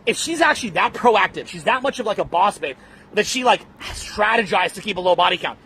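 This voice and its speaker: A man's voice: high-pitched, animated, brisk, sharp tone, a little hiss or hum. A man from Canada giving dating advice in a brash, blunt lecture style, calling his listeners bro. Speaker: dating coach.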